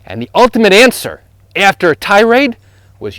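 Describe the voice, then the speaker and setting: A man's high, fairly bright voice swoops wildly in pitch at normal speed, with no echo. He's a personal injury lawyer telling a story emphatically while walking through a neighborhood outdoors, using repetitive phrasing and growing more intense as he retells it.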